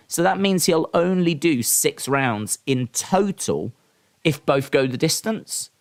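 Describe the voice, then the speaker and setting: A man hosting a casual live stream, talking in a rambling, opinionated way with lots of ums and restarts. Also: a little high. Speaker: live-stream host reacting to wrestling and boxing.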